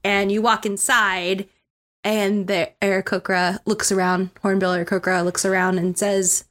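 A woman narrating a tabletop game as game master in a relaxed, chatty way. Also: mid-range voice, normal speed.

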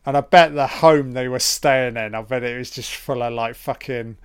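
A man's voice: medium pitch, steady tone, normal speed, smooth. A man giving a casual commentary over a film, reacting with profane running remarks.

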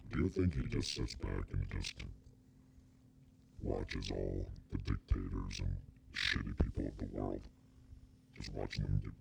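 A man voicing a crude, vengeful male devil through a deep pitch-shifting effect, with a gravelly, profane manner. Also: noisy background, heavily acted. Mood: musing. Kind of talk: comedic improvised impression.

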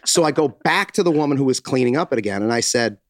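Brief: American man, animated storyteller, dry close mic, middle pitch. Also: fast talker, dry recording. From United States. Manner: animated, acts out quotes, swears. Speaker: podcast host telling a story. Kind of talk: casual storytelling chat.

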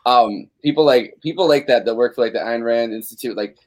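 A man's voice: medium pitch, fairly quick. A man co-hosting a casual podcast, talking loosely with swearing and lots of filler words. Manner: loose, profane, filler-heavy talk. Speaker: podcast co-host.

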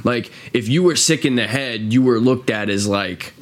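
A man hosting a casual podcast chat, swearing often and acting out quotes in a high voice. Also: moderate pace. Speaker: podcast host.

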